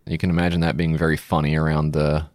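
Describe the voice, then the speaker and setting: Male podcast cohost, very low voice, dry close sound, sarcastic and crude. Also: level tone, fast talker, a little mellow, no echo. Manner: sarcastic, crude, reviewing a party game. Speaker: podcast co-host. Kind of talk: comedy podcast chat.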